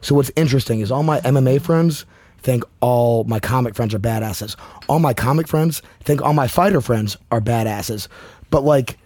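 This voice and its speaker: High-energy, swearing male comedian. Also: moderate pace, darkish tone. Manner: high-energy, profane, emphatic. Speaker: comedian guest. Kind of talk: casual podcast chat.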